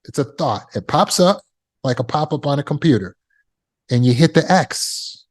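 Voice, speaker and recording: A man's voice: a little high, expressive, moderate pace. A man teaching trauma recovery as a coach, speaking emphatically and repeating phrases for effect. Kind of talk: motivational teaching talk.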